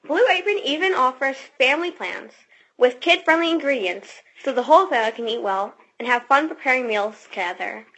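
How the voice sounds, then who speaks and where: A woman's voice: sits high, animated, a little fast, a bit bright, rough recording. A woman reading a sponsor ad with her father, teasing him. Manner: teasing, giggly. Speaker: daughter reading an ad.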